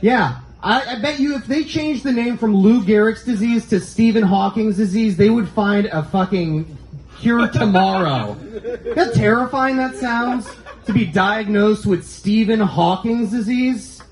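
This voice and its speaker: A man's voice: measured pace, roomy sound, rough recording. A man doing a crude, brash stand-up set in a comedy club. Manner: brash, crude punchlines, jumps between high and low pitch. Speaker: stand-up comic.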